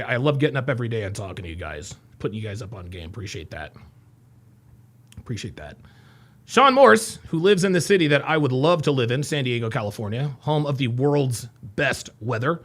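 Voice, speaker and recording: Bright, gravelly male livestream host. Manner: reads viewer names and places with upbeat shout-outs; drops into low mumbled asides. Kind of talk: casual livestream chat.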